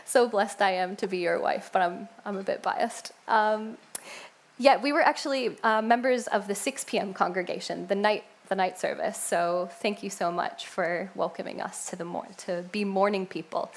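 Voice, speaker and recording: A woman's voice: medium pitch, vocal fry. A young woman from New York with a New York accent, sharing her personal faith story at church in a chatty way with many fillers. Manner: chatty, warm asides with fillers and laughs. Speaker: church member sharing testimony. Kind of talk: personal testimony talk.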